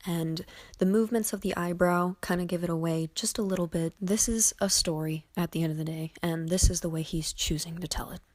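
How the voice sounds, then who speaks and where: A woman giving voice-over commentary on body language, measured and analytical, with soft whispery asides. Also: lowish voice, fairly even intonation.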